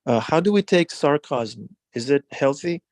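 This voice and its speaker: A man moderating a devotional class, thanking the speaker and passing on questions warmly. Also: fairly high pitch, lively intonation, moderate pace, dry recording.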